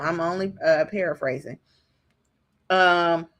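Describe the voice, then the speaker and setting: Woman, rambling commentary host, lowish voice, unhurried delivery. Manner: chatty, rambling with frequent ums and restarts. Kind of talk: casual commentary monologue.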